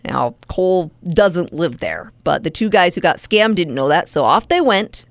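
A woman's voice: lowish voice, lively intonation, moderate pace, no echo. A woman co-hosting a radio show, reading quirky news items in a dry, matter-of-fact way. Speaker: radio morning show co-host. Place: radio studio.

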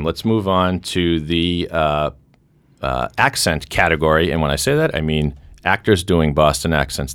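A male podcast host with a deep, low voice leads a casual quiz game in playful game-show style. The sound is dry and close, with no room around it. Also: no room sound.

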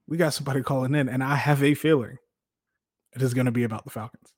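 A man hosting a casual sports talk show, animated, laughing often and restarting his sentences. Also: mid-range voice, fast. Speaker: podcast host.

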